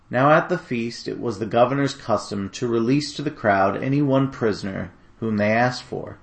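A man narrating a dramatic scripture reading in a steady, solemn storytelling manner. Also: medium pitch, moderate pace, creaky, few pauses.

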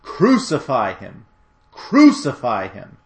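A man voicing an angry crowd, calling out slow, emphatic demands in a dramatic scripture reading. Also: medium pitch, huge pitch swings, vocal fry, a little mellow, echoey room, exaggerated voice. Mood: demanding.

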